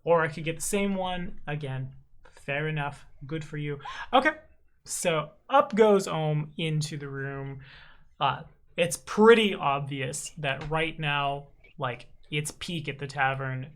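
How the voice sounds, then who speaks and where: A man's voice: fairly high pitch, fairly bright tone. A man running a tabletop game as game master, narrating in a casual, chatty way. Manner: casual, chatty, slows down for tricky words.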